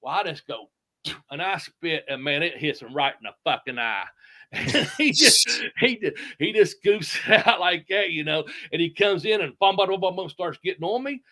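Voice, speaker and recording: Animated storyteller, a man. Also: on the high side, moderate pace. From United States. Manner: animated, profane, acts out moves with sound effects. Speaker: retired pro wrestler, guest. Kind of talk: casual storytelling interview.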